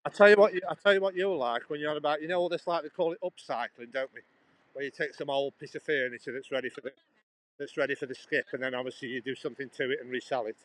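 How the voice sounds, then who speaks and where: A man's voice: medium pitch, fairly even intonation, quick pace, fairly bright tone, poor audio. Chatty man on a walk. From England. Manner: rambling and chatty, talks straight to a viewer. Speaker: livestreamer. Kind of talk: live walking vlog. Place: outdoors on a walk beside a busy road.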